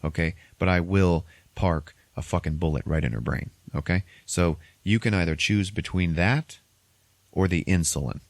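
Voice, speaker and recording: Man doing a casual, cruel thug, low and dry. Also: moderate pace, no echo. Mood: menacing.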